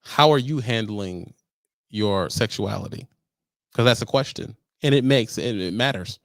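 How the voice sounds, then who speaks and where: A blunt man talks straight to his viewers with a gravelly rasp to his voice. He swears casually and pushes his pitch high and loud when he hammers a point home. The sound is dry and close, with no room around it. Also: a little slow, dry recording. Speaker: trucking livestream host. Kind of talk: casual advice talk to viewers.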